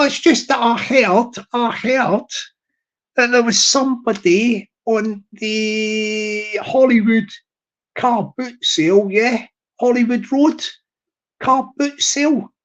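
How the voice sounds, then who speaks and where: A man's voice: very high voice, slow, fairly bright tone. A man chatting to his live stream audience in a rambling, teasing way, repeating himself and restarting.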